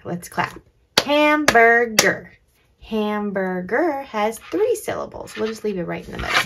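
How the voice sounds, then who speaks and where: A woman teaching young children, slow and clear, encouraging them and drawing out words as she sounds them. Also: medium pitch, noisy background. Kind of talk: children's lesson.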